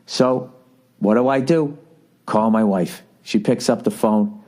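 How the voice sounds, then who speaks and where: A man in his forties hosts a podcast, ranting through a comic story in a profane, exasperated way. His voice sits on the low side, with a slow pace and a darkish tone.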